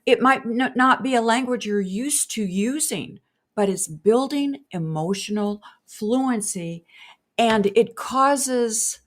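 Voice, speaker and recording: An older woman co-hosting a marriage podcast, speaking earnestly and warmly, often speeding up into quick asides. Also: fairly high pitch. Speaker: co-host. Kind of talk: casual podcast chat.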